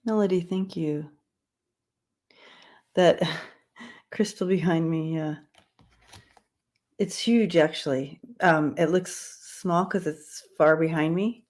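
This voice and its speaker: A woman chats with her livestream viewers in an unhurried, low-pitched voice. She laughs easily and keeps stumbling over long words, repeating them until she gets them right. It sounds like a casual webcam stream. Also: darkish tone. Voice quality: dyslexia, repeats hard words. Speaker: livestream tarot reader.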